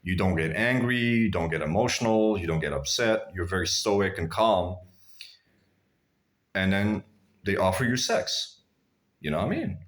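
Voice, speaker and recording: A man's voice: low voice, expressive, normal speed, pauses often. A man telling blunt, crude personal stories to his viewers in a rambling, casual way, calling them guys. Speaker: vlogger. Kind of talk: casual storytelling to camera.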